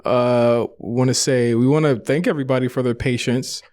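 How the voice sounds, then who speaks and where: Podcast co-host, male, smooth and resonant, close dry sound, rambling casual delivery. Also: mid-range voice, steady tone, moderate pace, a little mellow, no echo. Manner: loose, rambling, restarts phrases. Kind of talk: casual chat. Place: podcast studio.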